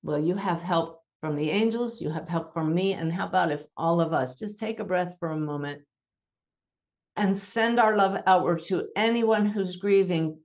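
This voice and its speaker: Low-voiced woman, calm spiritual podcast host. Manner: calm, measured, slows down deliberately at times; gentle, reassuring.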